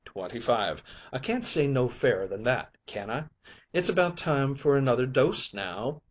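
A man voicing a husky, crafty ship's mate. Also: mid-range voice, expressive, normal speed, lightly acted. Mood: indignant. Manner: persuasive, wheedling. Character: crafty ship's mate, male, middle-aged, cocksure. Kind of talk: audiobook character voice.

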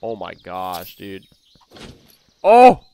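A young man giving excited gameplay commentary as a gaming YouTuber, swinging between hushed muttering and loud outbursts. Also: sits low, drawn-out words, slight background noise.

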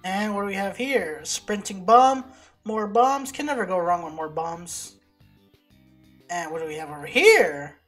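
A woman narrates her gameplay in a casual, unhurried way at a middle pitch. She gets excitable, swearing and yelping whenever things go wrong. Faint game music plays under her voice. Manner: excitable, swears and yelps at setbacks. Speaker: let's play gamer.

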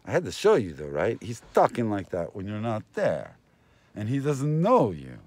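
A man's voice: fairly low pitch, huge pitch swings, moderate pace, a little mellow. A man hosting a casual, rambling vlog, meandering between talking to viewers and to people nearby. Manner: meandering, talks to viewers and passersby. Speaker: vlogger and host.

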